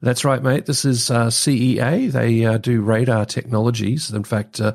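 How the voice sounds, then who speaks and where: A man's voice: medium pitch, fairly even intonation, normal speed, gravelly, a little mellow. A man from New Zealand with an Australian accent, a podcast co-host speaking in a wry, matter-of-fact way. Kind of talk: casual banter.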